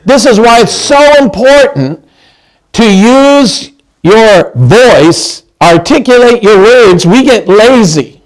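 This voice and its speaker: Older male pastor in his sixties, slightly high voice; chatty, humorous sermon delivery with acted-out quotes. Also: lively intonation, slow pace. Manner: conversational, humorous, acts out quoted lines.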